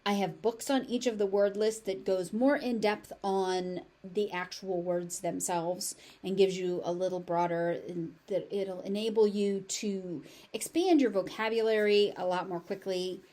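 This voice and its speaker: Slow, careful American woman tutor. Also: on the low side, mellow. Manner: repeats each word slowly and carefully. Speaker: pronunciation tutor. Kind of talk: slow pronunciation lesson.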